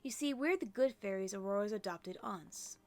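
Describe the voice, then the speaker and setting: A woman's voice: mid-range voice, lively intonation, moderate pace, close to an everyday voice. A woman reading game dialogue aloud as kindly, fussy old fairy aunts who call everyone dear. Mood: sweet, doting. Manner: sweet, doting, calls everyone dear. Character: kindly elderly female fairies, motherly and fussy.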